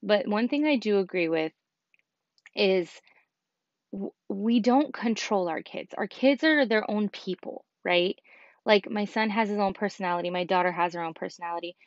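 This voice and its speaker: Speaking at medium pitch and a moderate pace, this podcast host is a woman in her thirties doing a solo show. She's candid and chatty, leaning on lots of fillers, and the dull lo-fi mic picks her up without echo.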